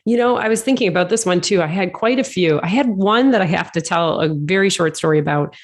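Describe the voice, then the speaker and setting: A woman's voice: on the low side, lively intonation, fast. A middle-aged woman from Detroit, a leadership consultant, giving good-humoured answers as a podcast guest and thinking aloud. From Detroit, Michigan. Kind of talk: casual interview answers.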